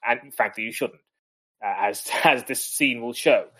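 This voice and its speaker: A man's voice: mid-range voice, a little slow, sharp tone. A man co-hosting a podcast in a casual literary discussion, rambling with many restarts and chuckles. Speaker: podcast co-host.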